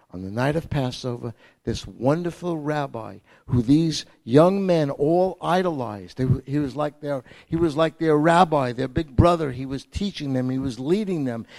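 A man delivering a sermon, his voice sitting a little high. He preaches dramatically, punching some lines out loudly and then dropping to a near hush. The talk is unscripted and earnest, with restarts as he goes. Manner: dramatic, swinging from loud emphasis to hushed softness. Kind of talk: sermon with slides.

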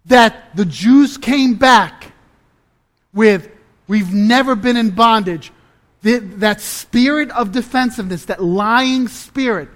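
A man preaching a sermon, deliberate and emphatic, dropping to a low, intense hush at times.

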